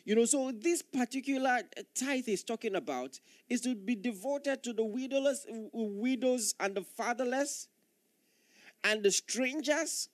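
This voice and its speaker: A male pastor delivers an earnest sermon in a fairly high voice, pressing his points by repeating phrases. The sound is dry and close, with no room echo. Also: expressive, measured pace.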